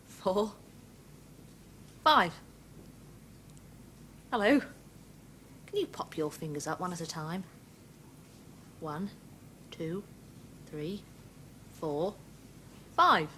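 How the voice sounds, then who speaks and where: A woman presenting a children's show, leading finger-counting rhymes and little songs for young children in a slow, playful, sing-song way. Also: fairly low pitch, lively intonation, pushed and bright, a little hiss or hum.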